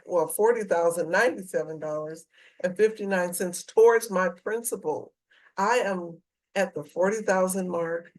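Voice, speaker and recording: A woman speaking slowly and deliberately in a mid-range voice, chatting to her viewers in a personal money vlog. She is middle-aged and earnest, and she spells out long dollar amounts with care. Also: mid-range voice, poor audio. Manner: slow, deliberate, earnest, reads figures out carefully. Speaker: personal finance vlogger. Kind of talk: casual talk to camera about debt payoff.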